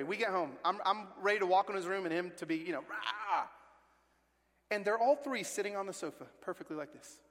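A man in his forties preaching a sermon as pastor, telling family stories with lively acted-out voices. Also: high voice. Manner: animated storytelling, acting out family voices. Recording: long reverb of a large hall.

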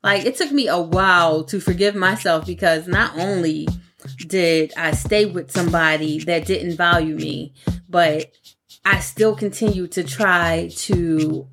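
A woman in her forties chatting casually on a podcast, animated and laughing, acting out quotes in playful voices. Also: fairly low pitch, measured pace, over music. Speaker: podcast co-host.

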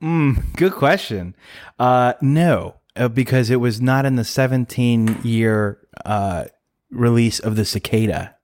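A man's voice: mid-range voice, slow, darkish tone, slight background noise. A man co-hosting a casual conversation about faith, talking in an easygoing, rambling way and laughing often. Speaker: podcast co-host.

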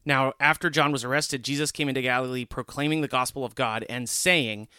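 A man co-hosting a casual Bible study podcast, earnest and lively when retelling scenes. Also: medium pitch, brisk, clean tone, dry recording, studio quality. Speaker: podcast co-host.

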